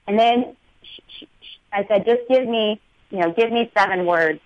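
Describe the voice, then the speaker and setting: A woman's voice: mid-range voice, normal speed, dry recording, highs cut off. Earnest woman talking about the divine. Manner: earnest, uplifting, with filler words. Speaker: guest speaker, healer. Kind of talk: spiritual talk-show conversation.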